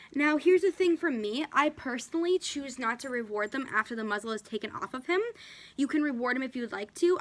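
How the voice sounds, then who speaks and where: Her voice sits on the high side and sounds a bit bright as she demonstrates dog training at home. Chatty throughout, she walks through every step and keeps addressing the dog between explanations.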